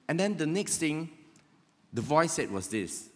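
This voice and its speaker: A man's voice: on the low side, lively intonation, fairly quick. A man preaching a sermon in a conversational way, often checking in with "right?". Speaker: pastor. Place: church hall. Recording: long reverb of a church hall.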